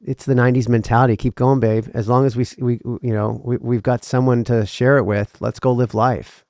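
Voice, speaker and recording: A man's voice: medium pitch, level tone, fairly quick, darkish tone, no room sound. A middle-aged man co-hosting a podcast, rambling and teasing in casual banter. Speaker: podcast co-host.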